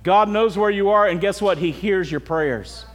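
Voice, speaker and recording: A man's voice: high voice, moderate pace, long reverb tail. A middle-aged man preaching a sermon as pastor, earnest and direct, often asking his congregation questions.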